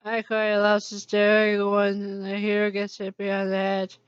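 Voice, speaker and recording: A casual storyteller reading a fan-written story aloud in a halting way with small slips, in a dull lo-fi recording. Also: mid-range voice, monotone, clear, resonant tone, dry recording. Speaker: fan-fiction reader.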